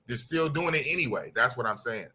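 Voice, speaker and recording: A man's voice: medium pitch, expressive, brisk, bright, forceful tone, slightly rough. A middle-aged man from the United States, hosting a casual podcast and reading out viewer comments in a blunt, slangy way that repeats its points. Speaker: podcast host. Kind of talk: casual podcast talk reading live chat.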